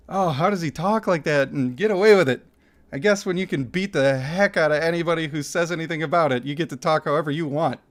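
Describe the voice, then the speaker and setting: A man hosting a live game stream, chatting with viewers and thanking supporters, quick to laugh. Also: fairly high pitch. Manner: excitable, laughs easily, thanks viewers by name. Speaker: streamer and gaming channel host.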